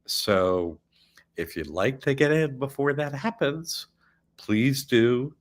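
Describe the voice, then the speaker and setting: A man's voice: medium pitch, animated, slow pace. A man hosting an online academy show, chatting casually and rambling, often laughing. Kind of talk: casual chat.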